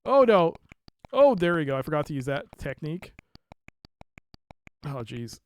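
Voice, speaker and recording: A live streamer giving chatty let's play commentary, rambling with self-correcting asides and breaking into loud yelps and laughter while playing. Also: mid-range voice, very animated, moderate pace, a little hiss or hum.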